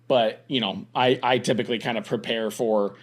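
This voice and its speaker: A young man in casual podcast conversation. He rambles, restarts his sentences and thinks out loud. His voice sits at an ordinary middle pitch. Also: fairly even intonation, moderate pace. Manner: rambling, many restarts and fillers. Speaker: podcast co-host.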